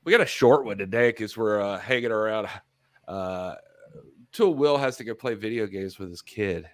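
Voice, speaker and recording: A man's voice: fairly low pitch, moderate pace, no echo, studio quality. A man co-hosting a casual wrestling talk show over a video call, chatting in a loose, rambling way. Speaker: podcast co-host. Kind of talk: casual chat.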